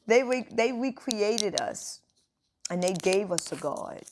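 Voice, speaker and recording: A woman's voice: medium pitch, lively intonation, slow, background noise. Emphatic woman giving a casual spiritual talk. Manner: informal and emphatic, addressing listeners directly. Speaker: spiritual speaker.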